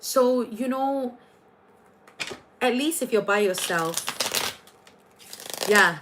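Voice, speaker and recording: A woman's voice: on the high side, animated, very slow, background noise. A young Singaporean woman with a Singaporean accent, hosting a casual livestream from her room as a tarot reader. She talks in a gushing, chatty way, full of fillers and restarts.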